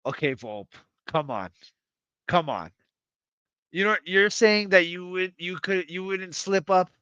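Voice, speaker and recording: Male streamer, higher-pitched, rambly and hyped, self-mocking, dull lo-fi mic. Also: measured pace, fairly bright tone, clean tone, no echo. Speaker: livestream host. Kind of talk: casual livestream chat to viewers.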